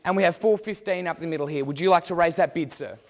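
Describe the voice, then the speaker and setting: A man's voice: a little high, quick pace. A man calling bids in a theatrical mock auction, repeating his prompts to the crowd. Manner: theatrical, repetitive bid calling. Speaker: student auctioneer. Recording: long hall reverb.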